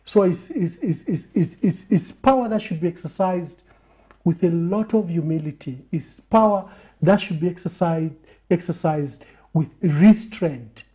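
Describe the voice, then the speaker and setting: Man with a measured, preaching cadence. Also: sits high, dark tone. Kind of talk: reflective talk in a TV interview.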